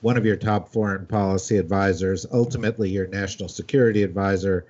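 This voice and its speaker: A man's voice: low-pitched, steady tone, quick pace, darkish tone. A man hosting a political panel discussion, steering the talk and using lots of fillers. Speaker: host. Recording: dull lo-fi audio.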